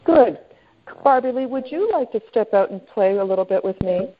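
This sales coach on a conference call has a slightly high, expressive voice at normal speed. She's chatty and full of fillers, regularly asking her listeners friendly questions, and the phone line sounds tinny.

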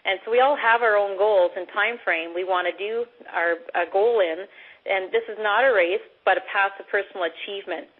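Loud, earnest woman on a phone line. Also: mid-range voice, fairly quick, breathy edge. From Canada. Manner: earnest and upbeat, loud and direct. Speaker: guest speaker. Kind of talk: motivational talk on a conference call. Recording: phone-line conference call.

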